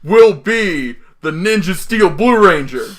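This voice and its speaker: A young man co-hosting a casual podcast chat, excitable and quick to swear and laugh. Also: sits high. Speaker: podcast co-host.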